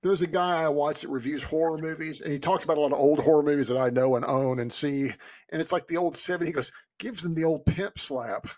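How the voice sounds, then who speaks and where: A man's voice: a little high, fast talker, a little mellow. A man co-hosting a book podcast, enthusiastic and casual, laughing often. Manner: enthusiastic, says "dude" a lot, laughs often. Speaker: podcast co-host. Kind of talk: casual book discussion chat.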